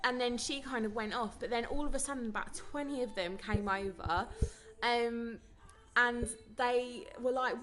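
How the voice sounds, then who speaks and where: A woman's voice: on the high side, normal speed, bright, forceful tone. A young British woman chatting casually to camera as a vlogger, telling stories in a rambling way. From Britain. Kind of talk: casual vlog chat.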